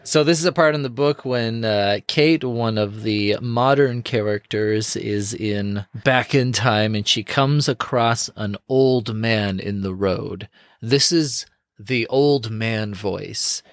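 A man co-hosting a podcast in casual chat, relaxed, laughing often and restarting his sentences. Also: lowish voice, slow, dry recording, clean studio sound. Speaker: podcast co-host.

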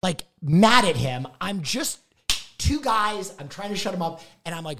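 A young man co-hosting a podcast, telling a story with big theatrical energy. His voice swoops wildly up and down as he acts out every character. He yells quoted lines and laughs his way through them. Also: high voice, big pitch swings, normal speed, noisy background. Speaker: podcast co-host. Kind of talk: animated storytelling.

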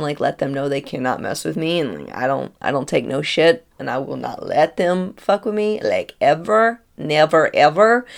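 A woman, telling a personal story in a casual, animated way, acting out dialogue and laughing often. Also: deep voice, gravelly. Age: 30s.

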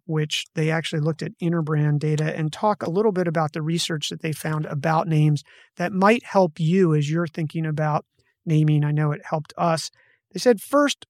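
Man, podcast host, conversational, self-correcting, fairly high voice, dry close recording. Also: no room sound. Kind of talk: solo podcast explaining a research study.

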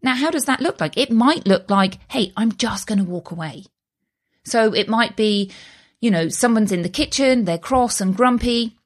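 A woman's voice: a little high, lively intonation, moderate pace. Woman in her thirties, host of a motivational talk, earnest and reassuring, conversational delivery.

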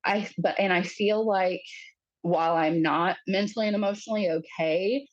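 Woman, 30s, podcast guest; husky, lowish voice, halting delivery full of fillers, dry muffled recording. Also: no echo. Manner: halting, frequent fillers, acts out quoted voices. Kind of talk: personal storytelling in an interview.

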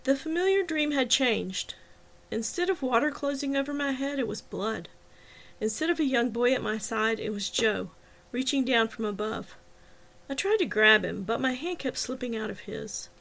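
A woman's voice: a little high, lively intonation, moderate pace, creaky, fairly bright tone. A woman author reading her own novel aloud in first person, telling the story steadily. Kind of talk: first-person audiobook narration.

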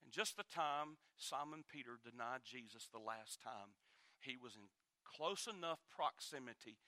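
A man preaching a sermon to a church congregation, shifting dramatically between loud and hushed delivery. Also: medium pitch, animated, unhurried, no room sound. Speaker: pastor.

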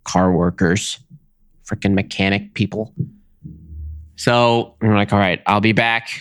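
A man's voice: fairly low pitch, a bit bright, no echo, clean studio sound. A young man hosting a podcast, telling a long story in a casual, exasperated way and acting out both sides of each conversation. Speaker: podcast host.

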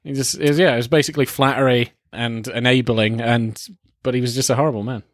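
A man gushes about a film in relaxed conversation, chuckling and tossing in jokey asides. His voice sits at a middling pitch. The recording is close and dry, with no room sound. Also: fast talker, no echo. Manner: enthusiastic, chuckling, joking asides. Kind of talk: casual film review chat.

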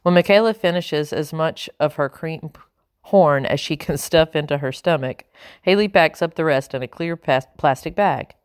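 Give me a calm low-voiced woman narrating a storybook, dry and close. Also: normal speed, clear, resonant tone, dry recording. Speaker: audiobook narrator.

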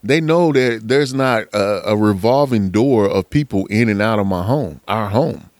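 Man, low voice, casual slangy motivational monologue, dry close sound. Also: normal speed, darkish tone, dry recording. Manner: preachy, repetitive, slangy, calls listener man. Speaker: motivational speaker.

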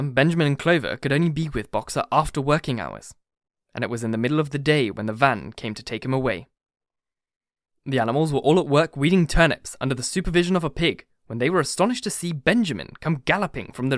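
A man narrating an audiobook with steady, even reading. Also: mid-range voice, fast, dry recording, clean studio sound. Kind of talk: scripted narration.

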